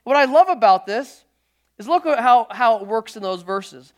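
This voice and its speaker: A male pastor delivering a sermon in a conversational style, full of quick restarts and jokey asides to his congregation. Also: very high-pitched. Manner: lively conversational preaching with frequent restarts.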